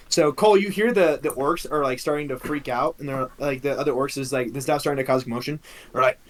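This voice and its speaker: A man's voice: medium pitch, fairly quick, low-quality recording. A man running a tabletop game as dungeon master, narrating in a rambling way with frequent restarts. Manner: rambling, many fillers and restarts.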